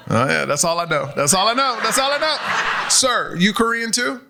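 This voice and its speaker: Super animated comic guy, really high voice, riffing w the crowd, noisy room. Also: normal speed. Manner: animated, bantering with the audience. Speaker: stand-up comedian. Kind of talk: stand-up crowd work. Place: comedy club stage. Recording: noisy live stand-up recording.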